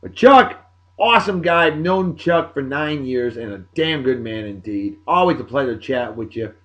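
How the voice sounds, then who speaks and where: A man, hosting a show and giving rowdy, salty shout-outs to friends in a casual rambling way. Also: medium pitch, animated, normal speed. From Martha's Vineyard, Massachusetts. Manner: boisterous, salty, hollers catchphrases.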